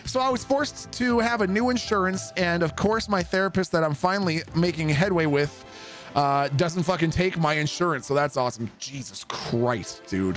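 Male streamer, slightly high voice, salty and emphatic, chatting with viewers over faint music. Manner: profane, emphatic, swings from ranting to soft. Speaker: livestreamer reading chat. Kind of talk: casual chat with viewers.

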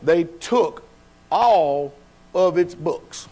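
A man with a high-pitched voice preaches a sermon in a church. He talks in a folksy, everyday way and keeps asking the congregation questions. His delivery is call-and-response. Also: expressive, extremely slow, dark tone. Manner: folksy, colloquial. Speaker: pastor. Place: church sanctuary.

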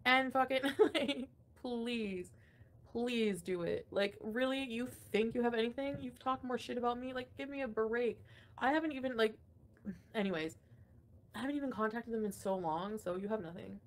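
A young woman hosts a casual livestream, her voice fairly high and her pace moderate. She rants and swears a lot, laughing often as she reads out chat comments.

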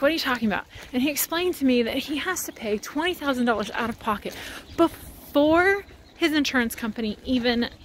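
A woman's voice: high-pitched, a bit bright, slight background noise. A woman walking outside while vlogging into her phone, talking in a rambling, heated, casual way with lots of fillers. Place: outdoors, walking.

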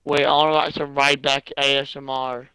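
A young man live-streaming a game, loud and crude, mocking what he watches and laughing often. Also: medium pitch, little pitch movement, normal speed, smooth, no echo. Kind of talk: casual live-stream commentary.

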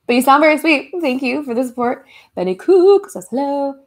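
Young woman, fairly high voice, casual livestream chat, giggly, reads comments aloud. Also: animated, a little fast. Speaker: livestream host. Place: her home in Los Angeles.

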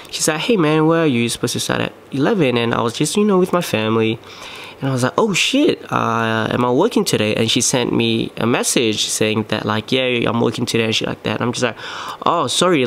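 A man's voice: mid-range voice, creaky, a bit bright. A young man, hosting a solo podcast and telling a personal story casually, with lots of fillers and restarts. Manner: rambling, many fillers and restarts. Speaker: podcast host. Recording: faint background noise.

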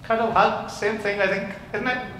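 Guy minister, slow bright voice, doing a kids talk with the congregation, big echoey church. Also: sits high, steady tone, a little hiss or hum. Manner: interactive, questioning the congregation. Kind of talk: children's talk in church service. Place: large church hall.

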